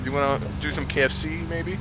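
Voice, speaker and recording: A man's voice: a little high, fairly even intonation, quick pace, a loud crowd. A young man in casual gaming banter, making crude, mock-patriotic jokes over voice chat. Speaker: gamer in voice chat.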